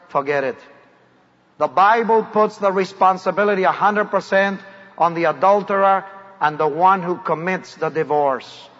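A man from South America with a South American accent, preaching a sermon to a large crowd, moving from raised declarations to hushed low lines. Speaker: evangelist preacher. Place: large hall before a crowd. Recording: dull recording with long hall reverb.

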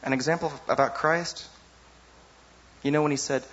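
A man preaching a sermon in a lively, conversational way, often asking the audience "you know?". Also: medium pitch, fairly quick, dull audio.

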